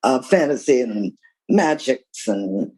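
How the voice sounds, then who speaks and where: The guest author is an older woman with a very deep voice who speaks slowly, giving candid, emphatic interview answers full of lively career anecdotes. It's a low-quality recording.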